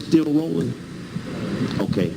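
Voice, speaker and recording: A man lectures to a room, his pitch lively and animated as he leans on key words and repeats them. His voice sits a little high. A long hall reverb and faint background ambience surround him. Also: slow pace, creaky, very noisy. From Chicago. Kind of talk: lecture with video clips.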